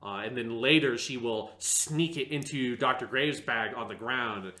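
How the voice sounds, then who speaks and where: Bright-voiced man rambling in an echoey room. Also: mid-range voice, measured pace. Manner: rambling, hesitant, lots of fillers, mocking impressions. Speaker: podcast co-host. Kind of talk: casual review discussion.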